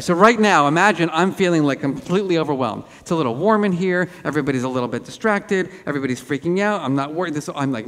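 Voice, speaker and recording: A man giving a lively conference keynote, telling animated self-deprecating stories on stage. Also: a little high. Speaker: keynote speaker. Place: large auditorium. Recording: hall reverb.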